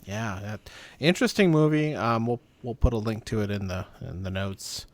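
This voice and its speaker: A man's voice: on the low side, normal speed, no echo. A man co-hosting a podcast, chatting in an easygoing way with stammered restarts. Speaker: podcast co-host. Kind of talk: casual chat.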